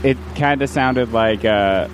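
Slow-talking joking man. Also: mid-range voice, background noise. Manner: joking, drawn out, laughs often. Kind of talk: casual group chat.

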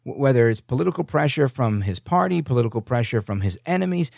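A man hosting an opinionated political monologue, sarcastic and quick to mimic others in silly voices. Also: medium pitch, lively intonation, gravelly, darkish tone, dry recording, clean studio sound. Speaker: political commentary host.

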